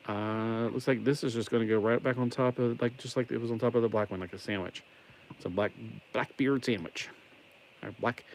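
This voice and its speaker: A man's voice: medium pitch, a little hiss or hum. A man with a mild Southern American accent chatting casually as he builds a toy set on a livestream, rambling and making wordplay jokes. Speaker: livestream host. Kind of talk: casual live building chat.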